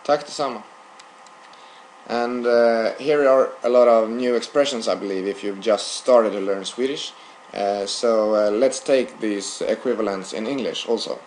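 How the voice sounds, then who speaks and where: A man teaching a recorded language lesson, with frequent "uh" fillers and a steady delivery. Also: lowish voice, moderate pace, a little hiss or hum, poor audio.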